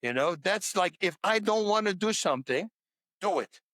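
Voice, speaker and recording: A man in his sixties, a podcast guest, telling stories in an animated, emphatic way. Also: high voice, normal speed, dry recording. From Netherlands. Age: 60s. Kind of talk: casual chat.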